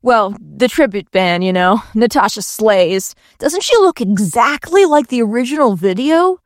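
A woman voicing an awkward, excitable rich young man in a comic storybook reading. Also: a little high, unhurried, no echo, studio quality. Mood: gushing. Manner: eager, exclaiming.

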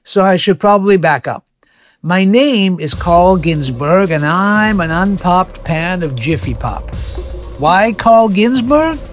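A man narrating a comic story in a sarcastic, crude style with animated asides. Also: sits high, slow pace, faint music behind.

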